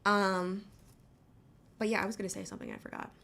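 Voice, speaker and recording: A woman's voice: mid-range voice, flat delivery, brisk, creaky, fairly bright tone. A woman hosting a casual livestream, blunt and talking with lots of fillers and swearing. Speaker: livestream host.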